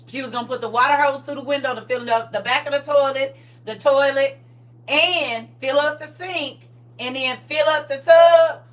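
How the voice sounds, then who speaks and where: A woman of about forty telling stories from her past in a casual, animated way, full of slang and laughter. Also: high voice, moderate pace, far from the mic. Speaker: livestream co-host. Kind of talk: casual storytelling chat.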